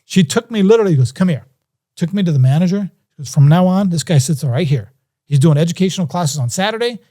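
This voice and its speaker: A man's voice: high voice, fast talker. A man as a podcast guest, telling a story in a casual way and acting out the voices of people in it. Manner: animated, acts out quoted voices.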